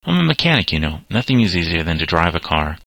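A man's voice: low-pitched, sing-song, quick pace, vocal fry, pushed and bright, dry recording, heavily acted. A man reading aloud, voicing a cocky teenage boy who leads a gang, with a bossy, sneering manner. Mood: scheming.

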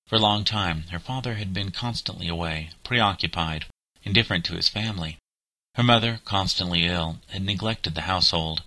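Deep-voiced man reading a storybook. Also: normal speed, pushed and bright, no echo, low-quality recording. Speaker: narrator.

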